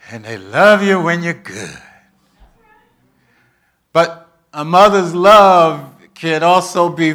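A man preaching a sermon, with funny asides that drop to a soft voice and swing back to loud, lively preaching. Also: on the high side. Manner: animated, humorous preaching with sudden soft asides. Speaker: pastor.

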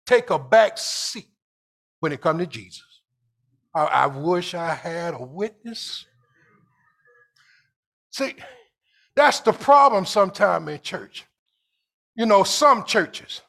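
A man preaching a sermon to his congregation, rising into shouts and drawn-out phrases and calling for answers from the pews. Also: sits high. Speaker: pastor. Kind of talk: call-and-response sermon.

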